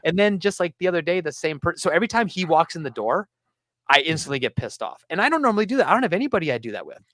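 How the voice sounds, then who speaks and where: A man hosting a casual podcast, telling a story about his game store with lively acted-out quotes. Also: a little high, racing, no echo, studio quality. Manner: animated storyteller, acts out customers.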